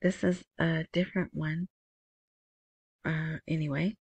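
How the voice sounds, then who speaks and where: A woman's voice: low-pitched, fairly even intonation, a little slow, creaky, a little mellow, breathy edge, no echo. A woman hosting a currency news show, reading headlines aloud and adding chatty asides. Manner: chatty, reads headlines then comments with asides. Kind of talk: casual commentary reading news articles.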